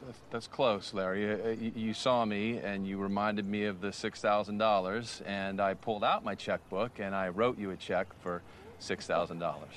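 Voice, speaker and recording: A man's voice: on the low side, steady tone, moderate pace, fairly bright tone, a little hiss or hum, close to an everyday voice. An actor as a breezy man brushing off a debt. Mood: dismissive. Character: breezy middle-aged man denying he owes money. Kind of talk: TV sitcom dialogue.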